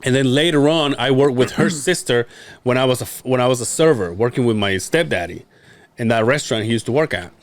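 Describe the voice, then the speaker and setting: A young Mexican man co-hosting a podcast speaks at a medium pitch and a fairly quick clip, with no echo. He tells stories in casual conversation, laughs a lot, and imitates the voices of the people he quotes.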